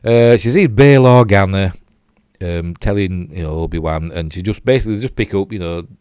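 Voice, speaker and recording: Deep-voiced older Yorkshire man, chatty. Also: normal speed, darkish tone, smooth, dry recording, studio quality. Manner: chatty and self-mocking, with frequent fillers and asides. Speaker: TV show reviewer. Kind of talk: casual rambling review while replaying clips.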